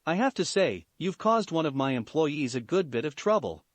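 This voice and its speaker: A man voicing a calm young male assassin who speaks in a dry, matter-of-fact way. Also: fairly high pitch, moderate pace, dry recording.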